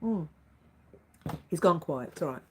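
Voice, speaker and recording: A woman hosting a casual livestream, chatting to her viewers by name in an animated way. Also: deep voice, a little slow, a little hiss or hum, rough recording. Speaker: livestream host.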